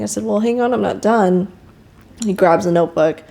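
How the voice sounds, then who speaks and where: Young woman guest, candid and emotional storyteller, frank, mid-pitched voice. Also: normal speed, creaky, mellow. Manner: emotional, frank, quotes others in raised voice. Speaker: podcast guest.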